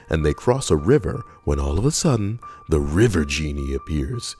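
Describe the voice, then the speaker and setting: Deadpan low-voiced man reading jokes. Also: moderate pace, few pauses, soft background music. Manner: deadpan and sardonic, swearing. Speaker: comedy YouTuber reading jokes. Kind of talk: casual comic joke reading.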